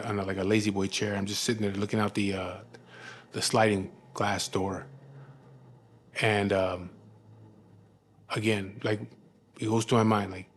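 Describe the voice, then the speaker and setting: A man frankly telling the story of his own past, in rough, profane speech full of "you know what I mean". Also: lowish voice. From California. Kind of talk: candid personal storytelling.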